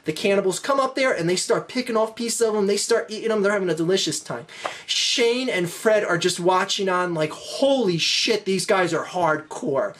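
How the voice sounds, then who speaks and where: Animated woman telling a joke. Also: brisk, slight background noise. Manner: animated, voices swinging high and low. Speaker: joke teller. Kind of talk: comedic joke storytelling.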